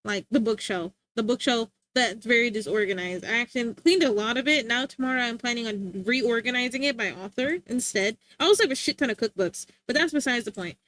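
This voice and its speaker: A young woman streamer in casual chat, slangy and animated with lots of filler words, talking into a desk mic. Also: fairly high pitch, fairly quick, hardly any pauses.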